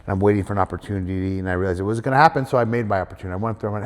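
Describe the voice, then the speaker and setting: Fast-talking low-voiced man, animated storyteller. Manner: animated storyteller, acts out quoted voices, many fillers. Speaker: guest wrestler. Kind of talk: casual storytelling interview. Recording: hall reverb.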